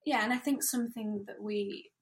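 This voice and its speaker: A woman co-hosting a podcast, chatting in a relaxed way with hesitant fillers. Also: a little high, moderate pace. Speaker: podcast co-host. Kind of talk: casual chat.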